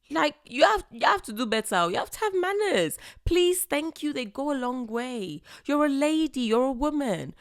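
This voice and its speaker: A young woman, hosting a podcast and giving blunt, animated relationship advice. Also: on the high side, normal speed, few pauses, dry recording, studio quality. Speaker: podcast host. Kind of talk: advice monologue.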